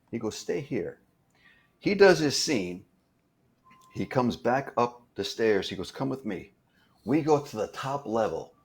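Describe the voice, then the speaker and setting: A man with a fairly low voice tells anecdotes from a film set in a relaxed interview. He talks in a rambling way, full of fillers and restarts. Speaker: guest, stunt performer. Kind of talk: casual storytelling interview.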